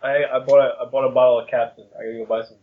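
Laid-back husky-voiced man, slangy. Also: mid-range voice, flat delivery, racing, phone-quality sound. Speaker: podcast guest. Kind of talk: casual podcast chat.

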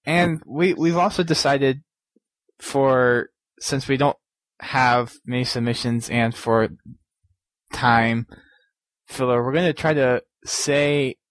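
A man's voice: medium pitch, takes it slowly, no room sound, rough recording. A young man hosting a podcast, chatting in a rambling, giggly way and often restarting his sentences. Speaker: podcast host. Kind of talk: casual podcast chat.

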